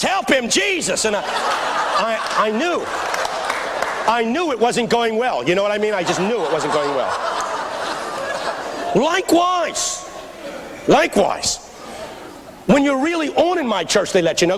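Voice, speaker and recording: A man with a Philadelphia accent preaching a comic, storytelling sermon, shouting refrains to the crowd. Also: high voice. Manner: animated, shouting refrains, audience laughter. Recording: echoey hall with faint noise.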